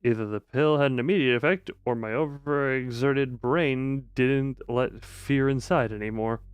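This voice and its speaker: A man's voice: mid-range voice, fairly even intonation, normal speed, smooth, no echo, dull audio. A young man streaming a horror visual novel, reading the text aloud and cutting in with dry jokes. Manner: dry, joking commentary between narration.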